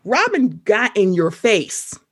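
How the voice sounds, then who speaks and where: Animated husky-voiced woman. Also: medium pitch. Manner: animated, fast storytelling, quoting people in voices. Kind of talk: casual chat.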